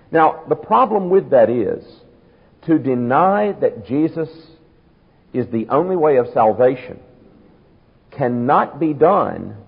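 A man's voice: mid-range voice, husky. A man preaching an expository sermon, emphatic and reasoning aloud with rhetorical questions. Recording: tinny, phone-like sermon recording in a reverberant hall.

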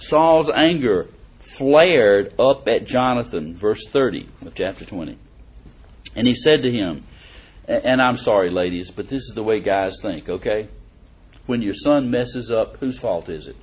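Folksy, animated man preaching, lo-fi. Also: fairly low pitch, normal speed. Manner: folksy and animated, reads verses aloud with emphasis. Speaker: preacher or Bible teacher. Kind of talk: conversational sermon. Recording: dull lo-fi recording.

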